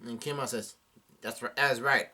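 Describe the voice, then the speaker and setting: A man's voice: mid-range voice, fairly even intonation, normal speed, sharp tone. A young man doing a casual live reaction to a manga chapter, reading the dialogue aloud with many fillers and restarts.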